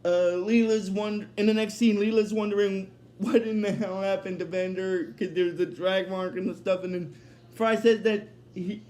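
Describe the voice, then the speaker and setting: A man casually recapping a cartoon episode, halting often with fillers and restarts. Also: sits high, steady tone, a little mellow. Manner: halting, filler-heavy retelling.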